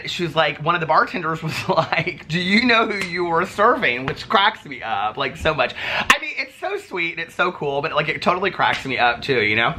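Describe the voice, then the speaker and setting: A man vlogging from a hotel room, telling stories in a chatty, animated way with lots of fillers. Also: on the high side, a little hiss or hum. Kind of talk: casual chat to camera.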